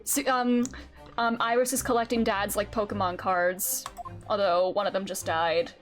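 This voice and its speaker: A young woman streaming a game, chatting casually in an excitable way, with swearing and frequent laughter. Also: medium pitch, moderate pace, soft background music.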